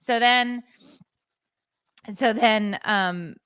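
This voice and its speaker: A woman's voice: a little high, drawn-out words, clear, resonant tone, no room sound, studio quality. A woman co-hosting a parenting podcast, telling a story in casual chat and acting out what others said. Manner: animated storytelling, acting out quoted voices. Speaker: podcast co-host.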